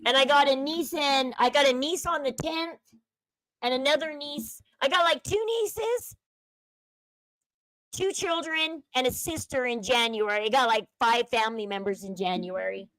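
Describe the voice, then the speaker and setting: A bright-toned, high-pitched woman speaks at a moderate pace on a casual livestream she's hosting. She chats with viewers, reads their comments aloud, and isn't shy with her opinions. There's no echo, though the recording quality is low.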